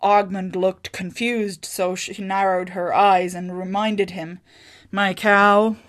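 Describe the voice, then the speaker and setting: A woman narrating a fantasy short story in a measured, scripted reading. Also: lowish voice, little pitch movement.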